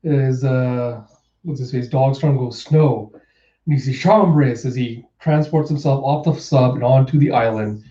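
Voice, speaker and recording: A man's voice: medium pitch, normal speed, mellow, roomy sound, dull audio. A man casually narrating and commenting on a comic chapter, with fillers and loose phrasing. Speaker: comic reviewer. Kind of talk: reaction reading with commentary.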